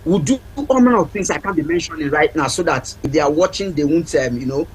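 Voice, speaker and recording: A man's voice: fairly high pitch, quick pace, a little hiss or hum, poor audio. A man, a parenting counselor and guest on a TV talk show, speaking earnestly and repeating his key points for emphasis. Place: TV studio.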